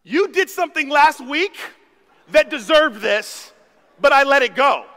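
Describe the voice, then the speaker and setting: A man's voice: extremely high pitch, animated, unhurried, pushed and bright, exaggerated voice. A man voicing a stern but sweet mother scolding her sons, firm and clipped. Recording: long reverb of a church hall.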